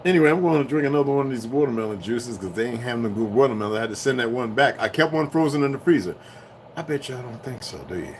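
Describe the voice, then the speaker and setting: A man ranting to his viewers in a loose, profane monologue that swings between heated outbursts and low muttering. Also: quick pace, a little hiss or hum. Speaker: vlogger. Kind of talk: rambling solo rant.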